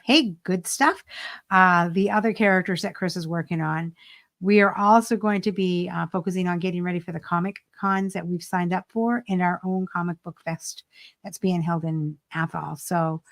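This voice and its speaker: A woman co-hosting a casual chat, teasing her partner and laughing often. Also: fairly low pitch. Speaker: co-host.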